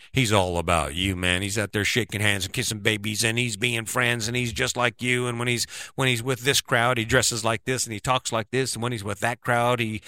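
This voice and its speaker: A man's voice: medium pitch, pushed and bright, smooth, no echo, studio quality. A middle-aged man giving a casual, rambling opinion monologue, often tagging on "right?". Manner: rambling, keeps asking "right?".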